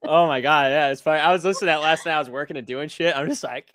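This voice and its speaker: A young man co-hosting a live trading stream, cursing and reacting loudly to the market in casual banter. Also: rapid-fire, no echo, studio quality. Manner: profane, excitable, lively pitch swings.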